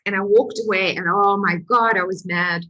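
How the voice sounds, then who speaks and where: A woman's voice: mid-range voice, fairly even intonation, normal speed, sharp tone, poor audio. A woman, a healing course coach giving a candid motivational talk, telling her story with emotion and confessional openness.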